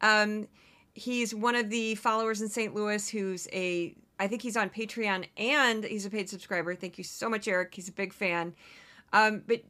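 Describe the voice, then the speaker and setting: A woman hosting a podcast in a loose, chatty style. Her voice is bright and forward, and she sprinkles laughs and quick asides between her points. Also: mid-range voice, fairly even intonation. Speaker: podcast host. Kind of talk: casual commentary.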